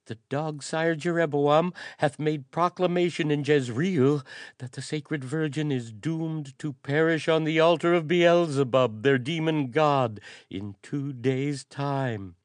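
A man's voice: on the high side, slow pace, dry recording, pitched above the performer's own voice. A man voicing a terrified, breathless messenger who stammers and pleads. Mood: groveling. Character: terrified panting male courier.

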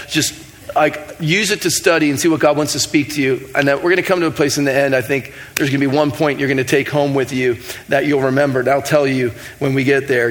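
A man preaching a sermon in a casual, self-mocking, conversational way, acting out bits of dialogue as he tells stories. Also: mid-range voice. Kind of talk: sermon with storytelling.

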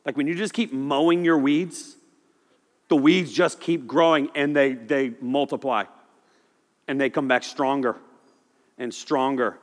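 A man preaching a sermon in a loose, animated, conversational way, often acting out voices. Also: medium pitch, a little slow, long pauses. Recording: echoey hall reverb.

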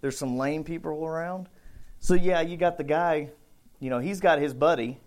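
Guy preaching a sermon, kinda high voice, really animated, acts out the crowd. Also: moderate pace. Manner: conversational, thinks aloud with restarts. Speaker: pastor.

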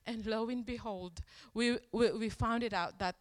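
A woman's voice: fairly high pitch, steady tone, normal speed, big-room sound. A woman preaching a sermon in a conversational storytelling way, acting out the quoted lines as she tells the story.

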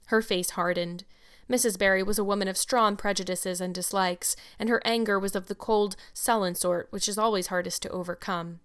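This audiobook reader and podcast host narrates a classic novel, then offers thoughtful, appreciative comments on the chapter. Her mid-range voice is smooth, with a steady tone and normal speed, suiting the mix of storybook narration and reflective commentary.

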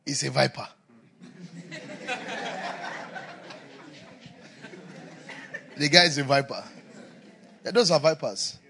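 A man preaching a sermon, telling stories with laughter and swinging between loud emphasis and quiet asides. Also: mid-range voice, a little fast, creaky, long pauses, slight background noise.

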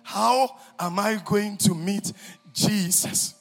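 A man voicing a dying young man who pleads in anguish, with a husky voice that cries out loudly. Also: high voice, slow pace, faint music behind, voice pushed up, heavily acted.

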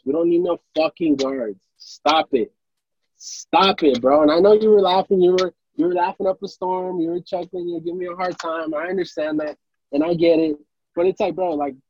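Angry ranting young man, husky voice. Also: a little high, a little mellow, dry recording, muffled recording. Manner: angry, profane, repetitive ranting. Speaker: podcast co-host. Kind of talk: heated sports rant.

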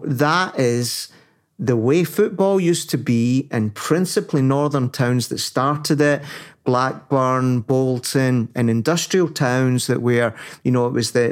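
A man from northern England co-hosting a casual talk show, animated and laughing as he speaks. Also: medium pitch, measured pace. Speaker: podcast co-host. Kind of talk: casual conversation.

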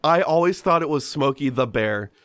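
A man with a somewhat high-pitched voice reads a ghost story aloud on a casual podcast. He often breaks off for joking asides. The sound is close and dry, with no room echo. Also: animated, normal speed, a bit bright, smooth. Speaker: podcast host reading a story. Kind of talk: casual comedic podcast chat.

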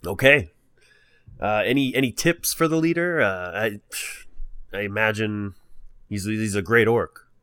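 Half-orc bandit, eager and stammering, played by a man in a low, dry voice. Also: measured pace, pauses often, fairly bright tone, clean tone, no echo. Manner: stammering, repeats words.

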